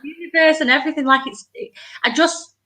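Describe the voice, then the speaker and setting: A woman's voice: sits high, fairly even intonation, fast talker, bright, forceful tone. A woman chatting casually and emotionally, with lots of fillers and restarts. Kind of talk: casual chat.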